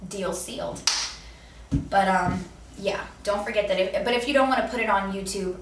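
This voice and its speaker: A woman's voice: mid-range voice, normal speed. Earnest young woman, roomy distant recording. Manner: earnest and heartfelt. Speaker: vlogger host. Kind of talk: personal video message. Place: seated indoors. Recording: roomy echo, distant mic, faint room noise.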